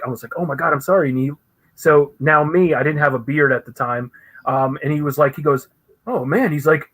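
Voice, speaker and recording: A man as an interview guest, telling stories animatedly with many fillers and raising his voice to act out what he and others said. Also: poor audio. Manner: animated, full of fillers, acts out quoted voices higher. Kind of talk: casual storytelling in an interview.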